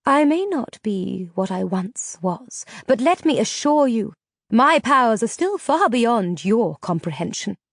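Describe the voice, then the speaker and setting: Woman reading calm cold sorceress, slow, measured, dry close sound. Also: on the high side, dry recording, heavily acted. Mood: stern.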